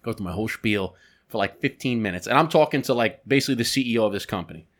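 Fast-talking man telling a work story. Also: lowish voice. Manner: fast, animated, acts out quoted people, swears a lot. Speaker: podcast co-host. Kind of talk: casual storytelling chat.

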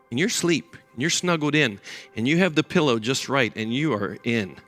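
An older man preaching a sermon as pastor, an animated storyteller who acts out the voices of people in his stories. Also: mid-range voice, normal speed, soft background music.

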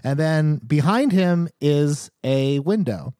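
A man's voice: fairly high pitch, animated, slow, warm tone, dry recording, clean studio sound. A man narrating a tabletop game as game master, in a casual, rambling way with many fillers.

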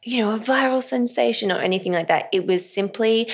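A woman guest chatting casually about her films and creative work, lively and playful, laughing often. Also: a little high, brisk. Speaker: podcast guest, actor and filmmaker. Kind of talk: casual interview chat.

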